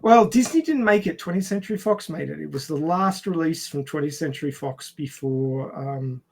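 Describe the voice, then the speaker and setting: A man's voice: on the high side, normal speed, vocal fry. An Australian man co-hosting a podcast in casual chat, reading a plot summary with lots of fillers and restarts. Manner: chatty, lots of fillers and restarts, laughs often.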